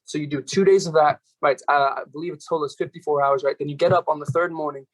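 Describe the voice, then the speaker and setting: A young man, a podcast guest, telling stories in a fast, animated way and ending his sentences with "right?". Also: fairly high pitch. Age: young adult. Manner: rapid, animated, keeps tagging "right?" and "bro". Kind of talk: casual storytelling interview.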